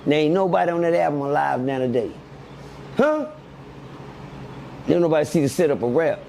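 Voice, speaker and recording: A middle-aged man, telling animated stories as an interview guest, laughing often and asking "you hear me". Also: on the high side, a little fast, creaky, a little hiss or hum.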